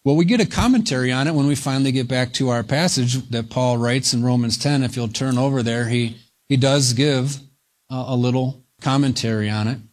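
A man preaching a verse-by-verse sermon, slow and deliberate, leaning hard on single words for emphasis. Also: medium pitch.

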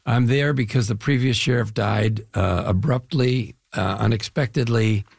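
An older man with a husky, gravelly voice talks eagerly through his stories in a casual interview. He rambles a little and restarts, always keen. The sound is dry and close. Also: medium pitch, moderate pace, a little mellow, no echo. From Chicago area, USA. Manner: enthusiastic, rambling storyteller. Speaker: actor guest.

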